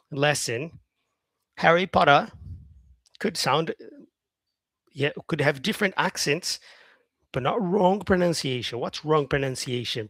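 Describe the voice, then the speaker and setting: A man's voice: mid-range voice, a bit bright, no room sound. A man teaching English on a live stream, chatting with viewers by name, saying "yeah" often and modelling words by repeating them.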